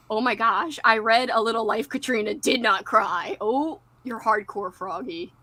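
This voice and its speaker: A woman's voice: fairly high pitch, measured pace, pushed and bright. A woman hosting a casual livestream chat, giggling often and reading chat comments aloud. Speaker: livestream host.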